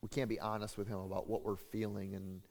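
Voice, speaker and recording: Pastor preaching in a reverberant hall. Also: male voice, lowish voice, level tone, gravelly, darkish tone. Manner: halting, full of fillers and restarts, rising when acting out quotes. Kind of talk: sermon.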